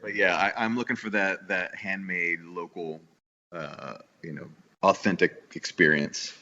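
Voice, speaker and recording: A man's voice: low voice, steady tone, measured pace, sharp tone, highs cut off. A man from the New York area talking as a business owner in a casual podcast interview, eager and rambling with many restarts. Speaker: guest, bakery owner.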